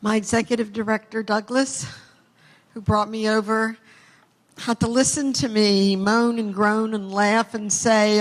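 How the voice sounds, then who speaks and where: A woman's voice: mid-range voice, fairly even intonation, a little slow. Older woman giving a rambling acceptance speech. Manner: chatty, storytelling, self-deprecating. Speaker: award recipient. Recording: long hall reverb.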